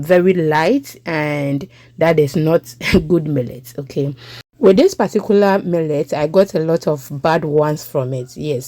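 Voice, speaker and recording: Ghanaian lady talking over her cooking vid, low mellow voice, dry close sound. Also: dry recording. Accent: Ghanaian English. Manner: chatty, checks in with "okay?". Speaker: home cook.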